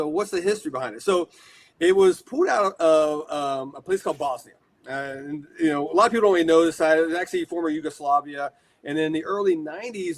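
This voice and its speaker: A man in his forties from the United States, telling rambling, animated stories as a guest in a casual interview. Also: a little high. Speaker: guest, horror shop owner.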